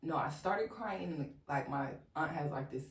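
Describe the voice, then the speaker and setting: A woman's voice: low voice, lively intonation, normal speed, vocal fry, roomy sound, distant mic. A young woman telling a personal story in casual chat, filling it with "like" and talking straight to her viewers. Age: young adult. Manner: chatty storytelling, heavy "like", addresses viewers as y'all. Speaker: vlogger.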